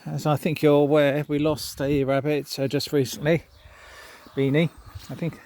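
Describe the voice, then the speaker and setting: A man's voice: a little high, level tone, normal speed, a little mellow. A man chatting casually to camera in a garden vlog, coaxing his pets in a sing-song voice. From United Kingdom. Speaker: vlogger. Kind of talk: casual outdoor vlog chat. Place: garden outdoors.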